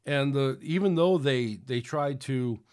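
A man's voice: medium pitch, a little slow, darkish tone. A man preaching on a podcast in a rambling, conversational way, with many restarts. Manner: rambling, with frequent restarts and acted-out quotes. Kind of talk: sermon-style podcast talk.

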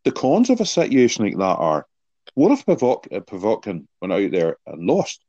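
Low-voiced man explaining earnestly. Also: huge pitch swings, moderate pace, mellow, dry recording. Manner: earnest, explanatory, poses rhetorical questions. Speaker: guest, sports psychology author. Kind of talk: podcast interview answers with anecdotes. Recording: dull lo-fi sound.

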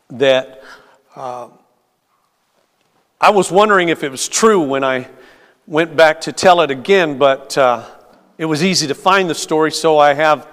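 A male pastor preaching and storytelling in a slow, deliberate rhythm, his voice sitting a little high for a man. He pauses often with small hesitant fillers, and a long hall reverb hangs after each phrase. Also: fairly bright tone. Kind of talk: sermon with storytelling.

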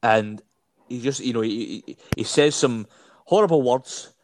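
A man's voice: mid-range voice, unhurried, a little mellow, dry recording. Rambling man, dry close mic. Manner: rambling, full of "you know" fillers. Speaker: podcast co-host. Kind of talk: casual wrestling podcast chat.

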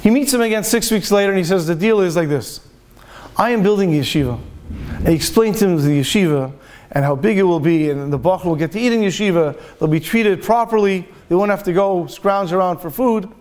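A man's voice: high-pitched, fast, a little mellow. A man giving a Torah talk as a rabbi, telling a story and acting out its dialogue.

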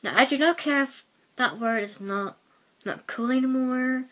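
This Northern Irish podcast host's accent mixes Belfast with Plymouth, and her voice is high and a bit bright at an ordinary speed. Alone on a headset mic, she rambles hesitantly in a casual way, full of fillers.

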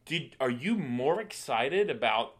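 A middle-aged man co-hosts a casual podcast, his bright, forward voice climbing in pitch and volume as he rants. He talks loosely and animatedly, piling up rhetorical questions. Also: a little slow. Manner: animated ranting, rising loud with exasperation. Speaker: podcast co-host. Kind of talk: casual chat.

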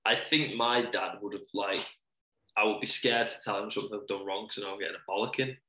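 Chatty guy, bright tense voice, laughs a lot, roomy echo. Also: on the low side, quick pace. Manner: chatty, laughs often, acts out quotes. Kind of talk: casual chat.

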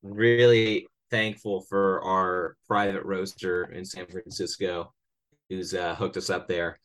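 Low-voiced man, podcast co-host, casual chat, mock-salesy, stammering restarts. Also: flat delivery, takes it slowly, fairly bright tone. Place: his bedroom at home.

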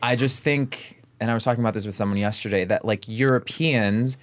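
A man's voice: fairly low pitch, fairly quick. A man guesting on a podcast, chatting casually and filling his talk with "like.". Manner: chatty, fills with "like" constantly. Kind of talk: casual conversation.

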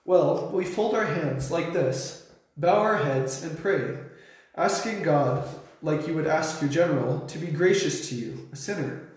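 A man voicing a gentle, caring female nurse who explains things softly and patiently. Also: on the high side, lively intonation, measured pace, recorded from a distance. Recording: very echoey room.

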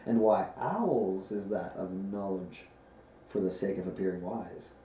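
Male reader, animated storytelling, dull lo-fi headset sound. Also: on the low side, slight background noise. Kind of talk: reading a book aloud. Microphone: headset mic. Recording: roomy, distant, dull lo-fi headset recording.

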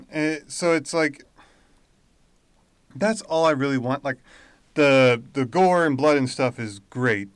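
A man's voice: medium pitch, lively intonation, takes it slowly, long pauses, clean tone, no room sound. A man co-hosting a podcast, thinking aloud in a hesitant, casual way. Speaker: podcast co-host. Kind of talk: casual chat.

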